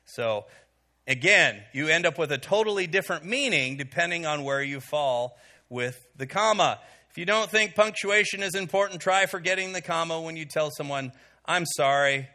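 Bright-voiced man teaching a Bible class. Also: on the high side, expressive, normal speed. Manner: conversational, frequent "okay" and fillers, asks the room questions. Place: before a live audience in a room.

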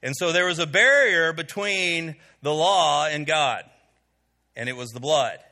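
A man's voice: a little high, a little slow, pushed and bright. A man teaching a Bible study to a live group, talking in a conversational way with many "okay"s and fillers and asking the room questions. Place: before a live audience in a room.

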